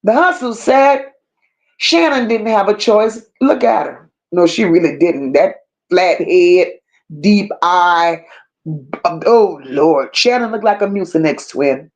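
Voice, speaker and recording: A woman delivers an unscripted rant in a medium voice, leaning hard on each word with open scorn. Her pace is unhurried and drawn out, and she breaks off now and then to read viewer comments aloud. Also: medium pitch, a little mellow. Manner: slow, emphatic and scornful, with drawn-out insults. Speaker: commentary channel host.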